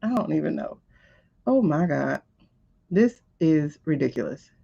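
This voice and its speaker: A woman's voice: deep voice, a little slow, vocal fry, husky, muffled recording. A woman hosting a livestream who comments on a news clip in casual, exasperated talk. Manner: animated, exasperated, laughing, talks back to the screen. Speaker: livestream host reacting to a video.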